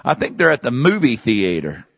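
A middle-aged man preaching in church, animated, rushing through some phrases and drawing out others slowly. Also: mid-range voice, gravelly, slightly rough, no echo. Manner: animated preaching, swings from fast bursts to slow emphatic words. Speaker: pastor. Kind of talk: lively sermon.

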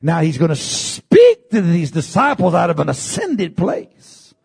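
Slow husky preacher guy, pitch all over the place, calls out to the crowd. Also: big pitch swings. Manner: swings from low murmurs to high shouted peaks; calls for congregation responses. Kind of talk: sermon.

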